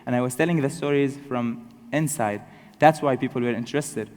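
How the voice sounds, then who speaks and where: Young man, storytelling talk, halting self-corrections, wry humor; long reverb of a large hall. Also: mid-range voice, a little mellow. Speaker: speaker telling his story to an audience.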